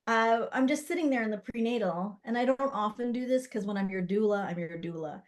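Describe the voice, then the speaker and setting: A middle-aged woman, a doula, telling stories in a casual interview, animated and full of fillers as she acts out what others said. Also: mid-range voice, fairly quick. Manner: animated, acts out quoted voices with many fillers. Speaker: guest, doula and spirit baby psychic.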